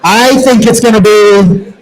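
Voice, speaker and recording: A man co-hosting a live soccer prematch show, cheering and cracking quick jokes. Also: high-pitched, low-quality recording. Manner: excitable, chants short cheers and quips. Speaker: podcast co-host.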